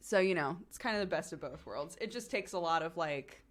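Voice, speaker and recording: A woman's voice: fairly low pitch, lively intonation, fairly quick. A young woman streamer telling a story in casual chat, laughing often and acting out the quotes. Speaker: streamer and host.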